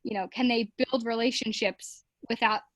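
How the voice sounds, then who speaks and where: Chatty woman teacher, bright voice. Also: a little high, fairly even intonation, normal speed, no echo. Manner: chatty, many fillers, acts out classroom voices. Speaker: teacher guest. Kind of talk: casual interview chat.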